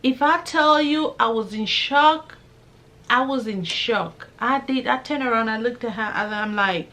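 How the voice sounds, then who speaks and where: A young woman recounts a personal testimony in a lively, story-telling way. Her voice sits a little high. She slips into the voices of people she talks with and keeps coming back to praising God. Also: unhurried. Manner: animated, acts out both sides of conversations. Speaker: vlogger sharing a personal testimony.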